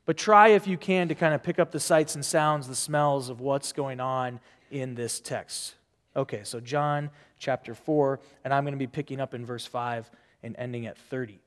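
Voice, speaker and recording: A man's voice: mid-range voice, steady tone, normal speed, long reverb tail. A man giving a sermon as pastor, talking in a loose conversational way full of fillers and restarts.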